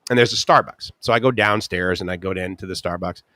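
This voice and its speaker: Chatty middle-aged male streamer; bright tone, dry close mic. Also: low-pitched, no echo. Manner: chatty storyteller, quick asides and laughs, acts out voices. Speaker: live stream host. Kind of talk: casual rambling chat. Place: ocean-view bungalow.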